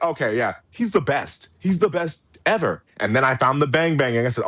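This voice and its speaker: A man co-hosting a podcast in casual chat, an animated storyteller who acts out quotes and swears a lot. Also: fairly high pitch, moderate pace, no echo. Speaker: podcast co-host.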